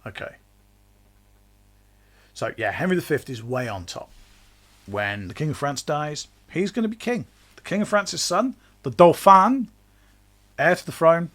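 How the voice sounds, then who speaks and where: Guy rambling through history, mid-pitch, slangy and chatty. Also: a bit bright. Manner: chatty, slangy, acts out quick quotes. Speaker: podcast host. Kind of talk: casual history explainer.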